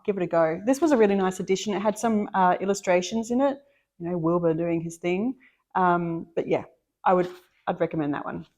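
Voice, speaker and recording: Middle-aged woman, casual book chat, enthusiastic, chatty, mid pitch, restarts sentences. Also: a little mellow. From Australia. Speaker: book vlogger.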